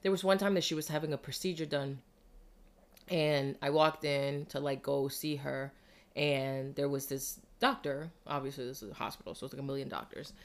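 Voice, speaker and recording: A woman's voice: extremely low pitch, steady tone, normal speed. A woman hosting a podcast, telling a story in a casual, slangy way. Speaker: podcast host.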